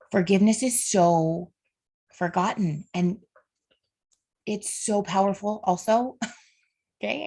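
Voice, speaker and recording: A woman's voice: medium pitch, creaky, a little mellow. Casting note: woman in her thirties, heartfelt solo podcast host, mid-range voice, sincere and direct. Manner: earnest, heartfelt, talks straight to listeners; faith-based encouragement. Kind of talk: solo motivational podcast monologue.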